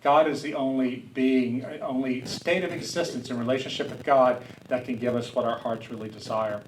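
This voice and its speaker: Recorded from a distance in a large hall with slight hiss or hum, a middle-aged man from south Louisiana delivers a reflective, personal lecture. This public speaker has a mid-range voice, talks earnestly, and occasionally starts his sentences over.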